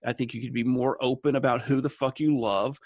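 A man in a casual group chat, ranting with lots of swearing and a lively, joking manner. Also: mid-range voice, a little fast, no room sound, lo-fi sound. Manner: profane, animated ranting.

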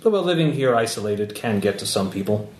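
Smooth and courteous, this bearded cult leader greets visitors with a slight Russian accent and a rising, lively lilt, as a man puts him on. The recording sits in an echoey room with faint background noise. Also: fairly low pitch, a little fast, close to an everyday voice.

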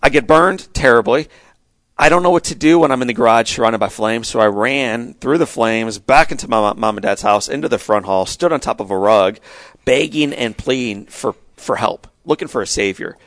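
A man's voice: mid-range voice, normal speed, a bit bright, no echo. A middle-aged man, a podcast guest, telling a personal story with earnest, emphatic storytelling. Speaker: guest speaker.

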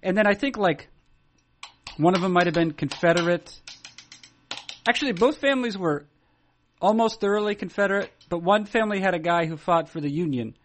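High-voiced man rambling through a story. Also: expressive. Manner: rambling, halting storyteller with many restarts. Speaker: podcast co-host. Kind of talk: casual podcast chat.

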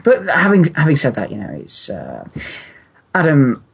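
Male co-host, husky tone, deadpan comic delivery. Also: a little high, moderate pace. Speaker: podcast co-host. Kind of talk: casual comedic banter.

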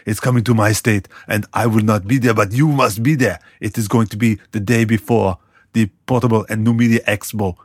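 A man putting on a commanding governor with a heavy put-on Austrian accent. He barks orders in short, broken phrases with comic menace. The voice is husky and sits dry and close. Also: on the low side, steady tone, fairly quick, no room sound, lightly acted. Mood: bossy. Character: bossy male movie-star governor with heavy accent. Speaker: promo voice. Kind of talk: comic promo impression.

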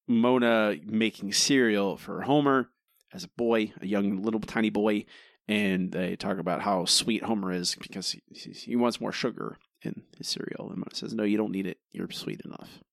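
A man co-hosting a podcast, chatting casually in an animated, exasperated way and laughing often. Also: on the low side, creaky, dry recording. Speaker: podcast co-host. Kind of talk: casual chat.

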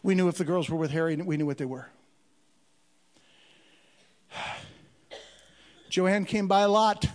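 Man, high voice, missionary, earnest storytelling, repeats words, long hall reverb. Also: unhurried, long pauses. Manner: earnest, repeats words when stressing a point. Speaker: Christian missionary. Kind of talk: storytelling testimony to an audience.

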